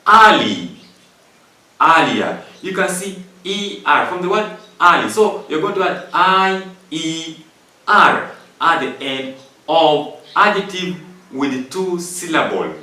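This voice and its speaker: A man teaches an English grammar lesson, working step by step through rules and repeating them with examples. His voice is fairly high, sing-song, slow, bright, and forceful, recorded from a distance in an echoey room.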